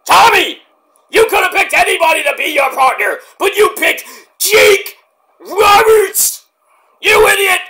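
A man's voice: extremely high pitch, very animated, slow pace, voice pushed up, full character voice. A man doing an impression of an older male wrestling legend who bellows angrily. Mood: furious. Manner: bellowing, angry shouting.

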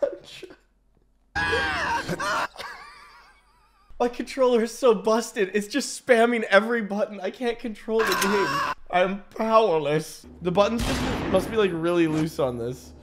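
A man commentating his gameplay, sarcastic and excitable, often shouting at the game. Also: high-pitched, measured pace, long pauses, noisy background. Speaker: gaming video host. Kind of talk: let's play commentary.

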